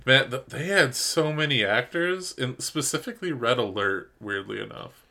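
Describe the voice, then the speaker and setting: A man co-hosting a podcast in casual chat, excitable, laughing and swearing often. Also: mid-range voice, moderate pace, gravelly. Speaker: podcast co-host.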